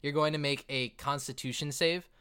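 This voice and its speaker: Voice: mid-range voice, fairly even intonation, moderate pace, heavy background noise. A game master narrating a tabletop game, rambling with many restarts and fillers, often breaking into laughter.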